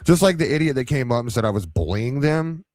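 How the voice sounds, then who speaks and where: A man's voice: medium pitch, lively intonation, fast talker, darkish tone, dry recording, studio quality. A man hosting a live reaction stream, rambling and taunting with heavy profanity.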